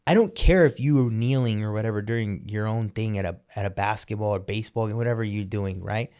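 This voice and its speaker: A man's voice: lowish voice, fast, a little mellow, clean tone. A man hosting a podcast interview, talking in a casual, emphatic and opinionated way, often restarting his sentences. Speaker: podcast host.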